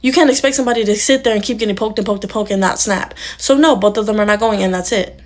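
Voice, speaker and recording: A woman's voice: mid-range voice, fast talker, lightly acted. A woman acting out a stern, fed-up adult in a comedy skit, scolding and lecturing bluntly. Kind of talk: comedy skit role-play.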